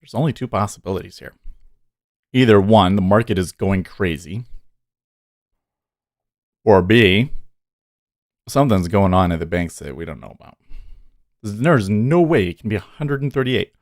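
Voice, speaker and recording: A man's voice: fairly low pitch, expressive, normal speed, long pauses. A man hosting a day trading livestream, talking casually and exasperatedly, swearing as he rants at the charts. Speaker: day trader streamer.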